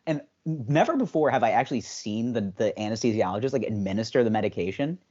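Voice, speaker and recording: A young adult man co-hosting a podcast, telling a story in casual chat and jumping into high voices for the people he quotes. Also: animated, quick pace, warm tone. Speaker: podcast co-host. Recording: slightly dull, lo-fi sound.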